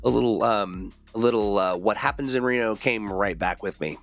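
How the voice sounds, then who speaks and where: A man's voice: on the low side, normal speed, vocal fry, a bit bright, soft background music. A man hosting a casual livestream chat, rambling with many fillers and restarts while getting over a cold. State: recovering from a cold. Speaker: host.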